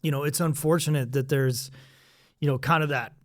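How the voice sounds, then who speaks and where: A podcast host reflecting in casual conversation, often adding "you know what I mean". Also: male voice, on the high side, fairly even intonation, normal speed, no echo. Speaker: podcast host, former Marine.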